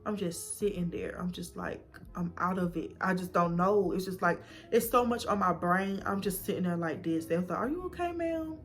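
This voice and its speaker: A young woman vlogger telling her own story in a casual, animated way, acting out what people said. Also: fairly low pitch, moderate pace, few pauses, soft background music. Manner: casual and animated, acts out voices in quotes. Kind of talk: emotional personal storytelling.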